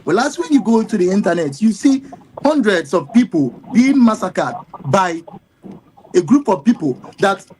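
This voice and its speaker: A Nigerian man speaks as a guest commentator in a high, raised register. He argues with emphatic indignation, piling up rhetorical questions and stumbling through repeated fillers. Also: very animated, normal speed, a little mellow, slight background noise, low-quality recording. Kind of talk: live TV discussion.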